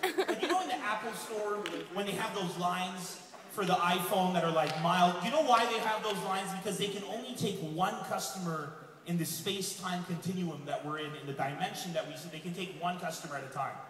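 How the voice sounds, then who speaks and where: A man from Lebanon performing a stand-up comedy set, telling stories in an animated way and acting out other people's voices. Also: sits high, a little fast. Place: comedy club stage before a laughing audience. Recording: echoey distant room mic with loud crowd noise.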